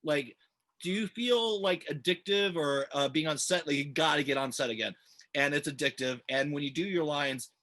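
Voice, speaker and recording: A man hosts a casual interview, chatting loosely and wandering through his questions. His voice is bright and forceful and sits a little high. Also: moderate pace. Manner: chatty, meandering questions, laughs easily. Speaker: interview host.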